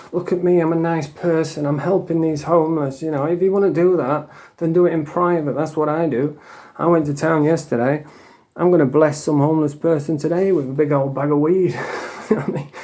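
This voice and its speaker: This is a casual vlog from England: a man coming off drugs tells a rambling tale, emotional and full of swearing, with frequent "you know what I mean." His Northern English voice is mellow and medium in pitch.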